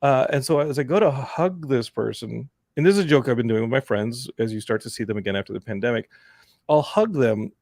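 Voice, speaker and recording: A man hosting a podcast, telling stories in a casual, animated way and laughing often. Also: medium pitch, a little fast, dry recording, clean studio sound. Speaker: podcast host. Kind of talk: casual chat.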